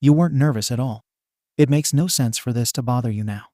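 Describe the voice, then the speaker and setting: A man voicing a brooding bird-headed teenage boy who speaks in a low, deadly tone in a storybook reading. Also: a little fast, dark tone, dry recording, studio quality, natural voice. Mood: ominous. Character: brooding teen boy hero with a bird head.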